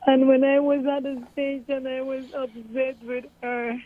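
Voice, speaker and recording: High-voiced woman over a phone. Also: measured pace. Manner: earnest, storytelling, animated retelling. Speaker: grieving mother interviewee. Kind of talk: recounting events in an interview. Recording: tinny phone-like audio.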